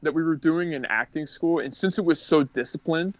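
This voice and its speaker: A man's voice: fairly high pitch, brisk, no room sound, poor audio. A young man from California telling his life story as a podcast guest, candid and rambling, full of likes and restarts. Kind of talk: casual storytelling.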